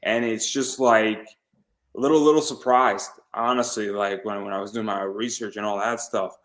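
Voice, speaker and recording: A man's voice: lowish voice, fairly even intonation, normal speed. A man hosting an interview who stammers and repeats words while talking enthusiastically. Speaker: podcast host. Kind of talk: casual interview chat.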